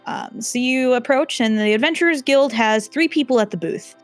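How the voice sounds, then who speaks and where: A woman's voice: sits high, moderate pace, soft background music. A woman narrating a tabletop game as game master, chatty and rambling, with many fillers.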